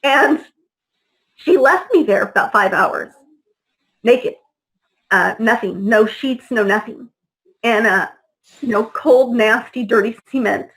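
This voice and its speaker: The audio is poor as a middle-aged woman tells her story as a guest in an interview, speaking slowly with frequent pauses in a fairly high, slightly bright voice. She's blunt and angry, swears without restraint, and acts out the voices of those she quotes.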